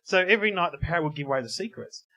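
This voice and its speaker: A man's voice: fairly high pitch, expressive, very fast, sharp tone, highs cut off. A man co-hosting a live comedy podcast in a pub, rambling and laughing as he tells jokes. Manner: rambling joke-telling, laughs often. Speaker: co-host. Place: pub in front of a live audience.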